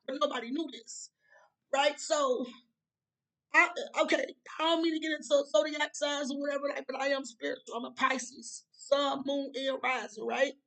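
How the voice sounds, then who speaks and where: A woman, telling a casual storytime to her viewers in an animated, profane way, often checking in with "right?". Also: sits high, normal speed, vocal fry, hardly any pauses, poor audio. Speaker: storyteller vlogger.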